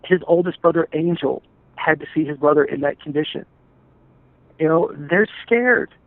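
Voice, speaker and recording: A man telling his family's story in an interview, earnest and halting, often restarting his sentences. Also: fairly high pitch, dry recording. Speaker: interview guest, stepfather. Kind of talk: emotional personal account. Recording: tinny phone-like call audio.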